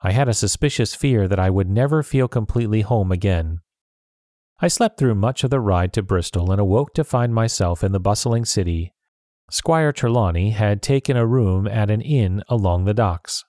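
A man narrating a story in a measured, steady reading. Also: fairly low pitch, dry recording, studio quality.

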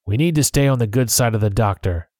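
A man voicing a genial, scheming old male pirate cook in a storybook reading, in a higher jovial voice. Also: fast talker, darkish tone, no room sound, clean studio sound, close to an everyday voice. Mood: crafty.

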